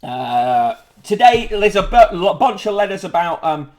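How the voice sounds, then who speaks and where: A man's voice: high voice, sing-song, a little mellow. A man hosting a podcast, casually reviewing newspapers with sardonic asides and frequent swearing. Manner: sardonic, swears freely, halting with fillers.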